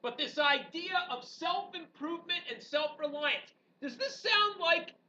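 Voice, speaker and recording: A woman history teacher giving an animated, joking classroom lecture full of rhetorical questions to her students. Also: very high-pitched, measured pace. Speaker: high school history teacher. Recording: dull, distant classroom recording with faint background noise.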